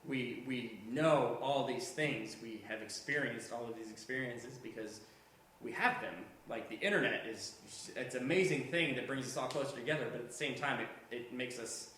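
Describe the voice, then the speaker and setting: A man's voice: mid-range voice, normal speed, bright, forceful tone, very echoey, slight background noise. A man in his twenties chatting casually on a podcast, swearing often and rambling with restarts. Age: 20s. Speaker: podcast host. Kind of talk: casual chat.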